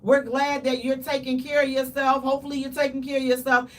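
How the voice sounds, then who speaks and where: A woman co-hosting a casual radio talk show, animated and dramatic, with playful exaggeration. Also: high voice, fairly quick, recorded from a distance.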